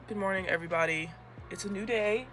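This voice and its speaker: Bright-voiced, chatty young woman vlogger. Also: lowish voice. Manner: chatty and expressive, swinging between weary grumbling and squealing excitement. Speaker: crochet vlogger. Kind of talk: casual craft vlog, talking to camera. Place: her bedroom.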